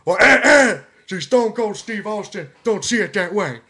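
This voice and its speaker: Man impersonating a brash wrestler, drawl, loud, aggressive, forceful. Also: sits high, animated, moderate pace, voice pushed up. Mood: trash-talking. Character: brash loud male Texan wrestler, trash-talking.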